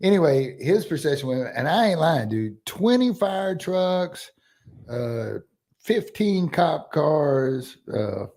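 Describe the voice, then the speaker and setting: A man's voice: a little high, sing-song, slow pace, warm tone. A man, co-hosting a podcast and telling long rambling stories in casual chat. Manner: rambling storyteller. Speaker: podcast co-host.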